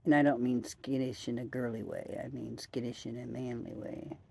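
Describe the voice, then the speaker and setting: A woman's voice: very deep voice, fairly even intonation, moderate pace, vocal fry, a little mellow. A tired woman hosting a podcast outdoors at night, chatting in a loose, rambling way and amusing herself as she goes. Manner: rambling, musing, self-amused. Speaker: podcast host. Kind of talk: casual rambling chat. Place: outdoors at night by trees and floodlights.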